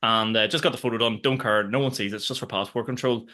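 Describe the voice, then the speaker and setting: A young comedian chatting on a podcast. He talks at a rapid clip with a bright, tense edge. His storytelling is loose and animated, and he swears freely. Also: mid-range voice. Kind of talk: casual comedic chat.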